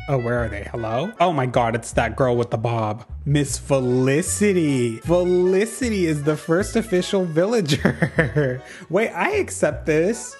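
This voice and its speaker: A man giving casual gameplay commentary as a YouTuber, chatty and excitable, laughing often. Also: fairly high pitch. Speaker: gaming YouTuber.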